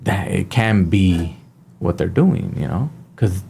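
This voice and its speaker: A man's voice: takes it slowly, creaky, slight background noise. A man hosting a radio show, telling a rambling personal story casually and acting out the other people's lines in a raised voice. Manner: rambling, animated, acts out quotes in a higher voice. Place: radio studio.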